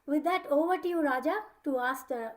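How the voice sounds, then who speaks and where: High-voiced woman hosting. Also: a little fast, poor audio. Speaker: interviewer, alumni event host. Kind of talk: interview hosting.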